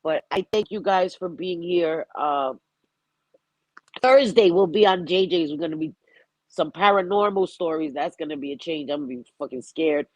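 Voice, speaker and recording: A woman's voice: fairly low pitch, moderate pace, no echo, poor audio. Heartfelt stuffy-nosed woman streamer. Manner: heartfelt, rambling, laughs often. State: stuffy nose. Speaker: livestream host. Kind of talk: emotional live-stream chat.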